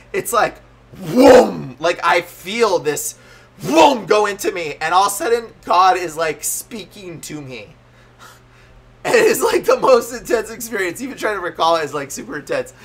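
A man's voice: sits high, fairly bright tone, a little hiss or hum. A man co-hosting a casual faith chat, telling his story with animation, acting out quotes and laughing often. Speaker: co-host.

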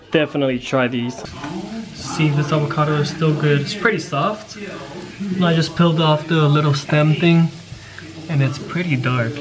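Relaxed man talking casually, music behind. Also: fairly high pitch. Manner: relaxed, offhand commentary. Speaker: vlogger. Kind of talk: casual vlog chat.

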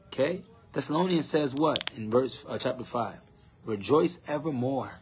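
A man preaching a sermon, defining scripture word by word, firing questions at his listeners and mocking complainers in a higher voice. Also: slight background noise. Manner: defines words one by one, asks the crowd questions, mimics complainers in a higher voice.

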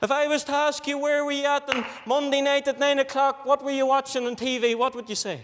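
A man preaching with earnest, pleading insistence, pressing the same questions again and again. His voice sits high. The sound carries a long reverb from a church hall. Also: little pitch movement, fairly quick, fairly bright tone. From Northern Ireland. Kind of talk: gospel sermon.

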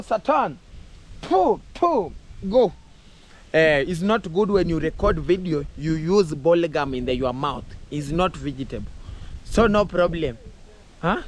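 A Kenyan man with a high, eager voice talks straight to his viewers from his farm. He keeps slipping Swahili into his English and repeats himself out of excitement. A faint wash of outdoor noise sits under the voice. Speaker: vlogger. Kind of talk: casual farm vlog.

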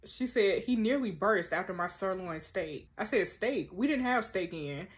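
A woman reads a chat story out loud and keeps cutting in with her own heated remarks. She is sassy and animated, with quick-tempered, slangy asides between the messages. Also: mid-range voice. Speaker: host. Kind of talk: reading a text-message story game aloud with reactions.

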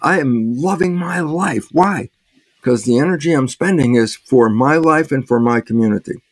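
An older man, a guest in an interview, explaining ideas in a lively storytelling way, acting out little dialogues and chuckling often. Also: mid-range voice, moderate pace, dry recording. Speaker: interview guest, biologist and author. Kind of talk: conversational explaining.

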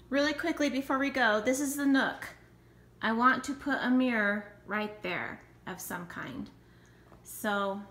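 A woman's voice: fairly high pitch, fairly bright tone. A woman vlogging in casual chat from her car, rambling and talking straight to her viewers, recorded on a phone in a dashboard holder. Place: in a car while driving.

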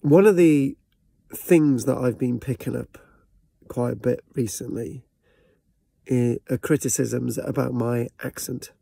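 Slow gravelly Welsh man. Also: mid-range voice, dark tone, no echo. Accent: South Welsh, from Barry. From Wales. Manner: hesitant, with many fillers and restarts. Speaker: channel host, local historian. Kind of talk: casual talk to camera.

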